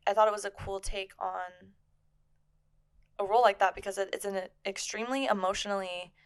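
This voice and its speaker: A woman's voice: mid-range voice, fairly even intonation, fairly quick, clear, resonant tone. A young woman co-hosting a podcast, chatting casually and gushing in a rambling way, full of "like.". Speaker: podcast co-host. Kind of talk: casual chat.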